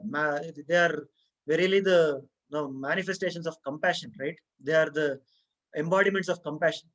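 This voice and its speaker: A man giving a religious discourse as a story, unhurried, with frequent restarts and rhetorical questions to young listeners. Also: fairly high pitch, fairly bright tone, rough recording. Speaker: religious teacher.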